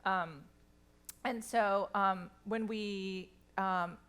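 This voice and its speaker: A woman giving interview answers in an earnest, measured way with some fillers. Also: mid-range voice, steady tone, a bit bright, clear, resonant tone. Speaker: interviewee, company executive.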